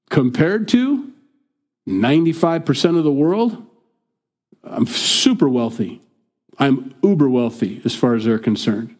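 A man's voice: medium pitch, a little mellow, breathy edge. A man from the United States preaching a sermon in a conversational way, often acting out what others might say. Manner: conversational, acts out quoted speakers. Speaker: pastor.

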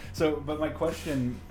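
A man's voice: on the high side, a little mellow. A man co-hosting a casual podcast, laid-back and profane, retelling stories with impressions. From American South. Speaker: podcast co-host. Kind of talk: casual chat.

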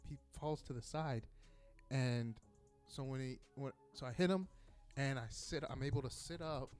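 A man casually telling a story about a fight in a rambling, profane way, acting out the quoted lines. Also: mid-range voice. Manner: profane, rambling, animated retelling with quoted dialogue.

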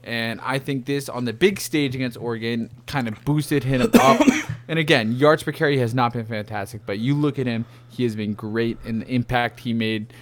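A young man on a casual sports podcast, talking fast and getting worked up, swearing then apologizing. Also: medium pitch. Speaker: podcast guest. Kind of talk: casual chat.

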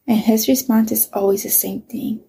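A woman's voice: on the high side, steady tone, moderate pace, gravelly, background noise. A middle-aged woman, a mother, candidly telling a painful personal story, swearing often and sometimes dropping to a whisper.

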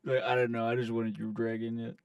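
A man's voice: medium pitch, brisk, clean tone, muffled recording. Young man telling stories animatedly, off-mic. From Ohio. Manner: animated storytelling, swearing, laughing. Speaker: podcast co-host. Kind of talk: casual chat. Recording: distant from mic, dry.

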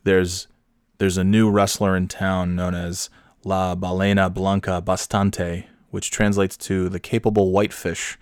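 A man telling a comic story recap in a rambling, hesitant, deadpan way. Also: deep voice, no room sound, clean studio sound.

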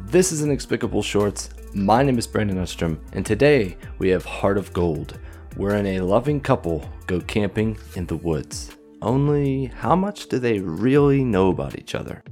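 A man's voice: lowish voice, expressive, moderate pace, a little mellow, faint music behind. A man hosting a drama show, giving a friendly, announcer-like scripted introduction. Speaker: show host.

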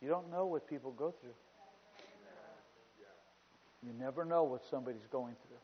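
A male pastor preaching a sermon, shifting from quiet storytelling to loud, emphatic declarations and repeating phrases for emphasis. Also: mid-range voice, moderate pace. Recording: dull lo-fi recording with long hall reverb.

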